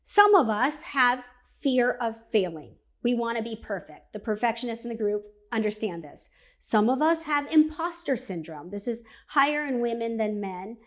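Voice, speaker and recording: A woman giving a conversational motivational talk, energetic and direct, acting out inner voices as she speaks. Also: fairly high pitch, moderate pace, few pauses. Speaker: speaker and coach.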